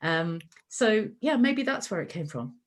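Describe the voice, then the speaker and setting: A woman's voice: mid-range voice, sing-song, measured pace. A middle-aged woman talking in an interview as the guest, chatty and full of fillers and restarts. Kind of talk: conversational interview.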